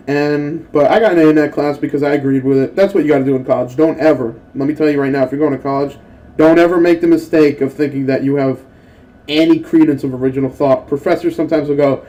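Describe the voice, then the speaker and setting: Between moves in casual gameplay commentary, a young adult man tells rambling, profane stories and excitedly acts out quotes. He's a gaming channel host whose slightly high voice moves quickly on a rough recording.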